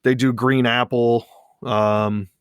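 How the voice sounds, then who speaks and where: A man's voice: mid-range voice, little pitch movement, clear, resonant tone, no room sound, studio quality. Rambling man with a Philly accent. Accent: Philadelphia. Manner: rambling, halting with restarts. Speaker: podcast guest. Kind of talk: casual chat.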